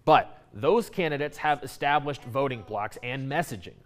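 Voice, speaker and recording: A man delivering a news report, reading a measured, clear explainer. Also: mid-range voice.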